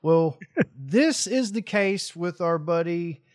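A man's voice: high voice, expressive, takes it slowly, darkish tone, no room sound, studio quality. A man co-hosting a podcast, joking and telling a story in casual chat. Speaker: podcast co-host.

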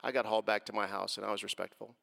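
A man's voice: on the low side, fairly even intonation, racing, vocal fry, fairly bright tone, long reverb tail. A man in his forties telling an interviewer about his experiences in a personal, earnest way that grows heated as he recounts confrontations. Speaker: guest.

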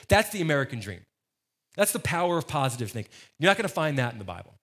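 A man's voice: a little high, big pitch swings, rapid-fire, fairly bright tone. A man preaching a sermon as the church's pastor, emphatic and conversational, repeating phrases for stress.

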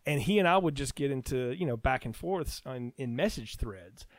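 A man's voice: mid-range voice, lively intonation, moderate pace, no room sound. A man talking as a podcast guest, chatty and easygoing, rambling through stories in casual conversation.

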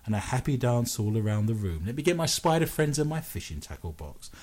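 Animated British man hosting a radio show. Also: medium pitch, brisk. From Britain. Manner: playful, jokey, self-mocking. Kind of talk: paranormal news radio show.

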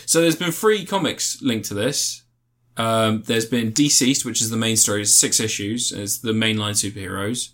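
A man's voice: on the low side, normal speed, a bit bright. A man co-hosting a casual chat, rambling and slangy as he reviews comics. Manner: rambling, swears freely, slangy. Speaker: podcast co-host reviewing comics.

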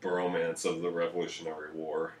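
Low-voiced man joking in a roomy room. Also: monotone, fairly quick. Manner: joking, profane storytelling. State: tired after a few beers. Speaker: podcast co-host. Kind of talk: casual history podcast chat. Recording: roomy echo.

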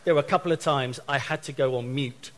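Middle-aged english guy preaching, lively storyteller, does the voices on the phone calls, normal pitch. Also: fairly quick, slight background noise. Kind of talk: sermon.

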